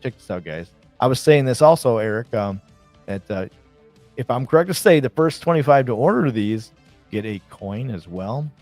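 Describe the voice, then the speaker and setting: A married man hosting a casual live stream, chatting excitedly and reacting to viewer comments. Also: mid-range voice, normal speed, no echo, soft background music. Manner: excited, chatty, reads chat aloud.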